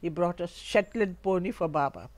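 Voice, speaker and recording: In a fairly low-pitched voice at normal speed, an older woman at home shares humorous recollections of her life. She tells them vividly and breaks into laughter often.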